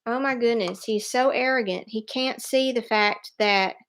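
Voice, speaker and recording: A woman giving a live tarot reading, speaking in an animated, emphatic way and laughing often. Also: a little high, unhurried. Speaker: tarot reader.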